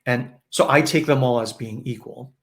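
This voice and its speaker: A man's voice: medium pitch, normal speed. A man giving a conversational spiritual teaching in a live online session, often acting out quoted voices.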